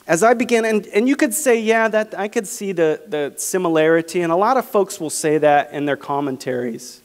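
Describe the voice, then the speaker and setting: A man with a fairly high voice preaches a sermon, slowing down to lean into each scripture phrase. His voice rings through a church sanctuary with a long reverb tail. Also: animated. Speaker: pastor.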